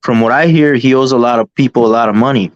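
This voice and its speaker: A man's voice: medium pitch, fast, no room sound. A man hosting a heated boxing panel chat, arguing back, repeating himself and restarting sentences. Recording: dull lo-fi call audio.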